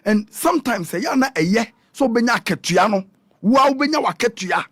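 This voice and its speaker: A Ghanaian man, a prophet who guests on a radio talk show, preaching in a lively way and switching between Twi and English. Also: very high voice, moderate pace, husky, no room sound, clean studio sound. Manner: animated, mixes Twi and English, acts out quotes.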